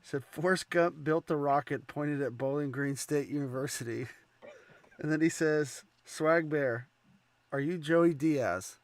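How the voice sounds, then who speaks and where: A man's voice: a little high, measured pace, dry recording. A man co-hosting a sports podcast, teasing the others playfully. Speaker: podcast co-host. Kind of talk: casual sports chat.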